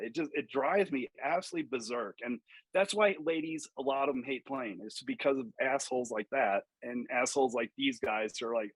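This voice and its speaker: A man with a slightly husky voice speaks as a golf coach on a podcast. He tells stories with energy, acts out the people he quotes and swears freely. The sound is dry and close. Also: mid-range voice, fairly quick, no room sound, poor audio. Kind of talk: podcast interview.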